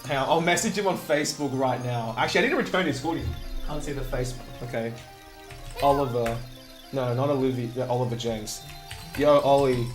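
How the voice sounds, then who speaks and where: A man's voice: on the high side, brisk. Rambling male streamer, music behind. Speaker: speedrunner streamer. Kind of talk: casual live-stream chat.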